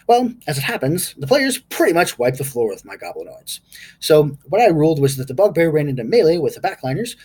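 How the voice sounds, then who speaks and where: Male game master, husky and animated, casual rambling session recap. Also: mid-range voice. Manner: rambling, stops to recall names aloud.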